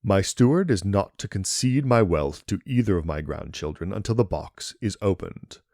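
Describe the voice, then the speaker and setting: A man with a deep voice playing a haughty old steward who reads a will in a slow, measured, formal way, in a horror audio story. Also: expressive, darkish tone, no echo, studio quality.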